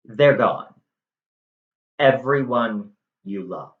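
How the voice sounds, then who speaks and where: A man's voice: mid-range voice, drawn-out words. A man doing a coolly dismissive sorceress. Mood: coolly cruel. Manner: breezy, dismissive, offhand. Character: scheming vengeful demigod sorceress, woman. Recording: dull echoey room.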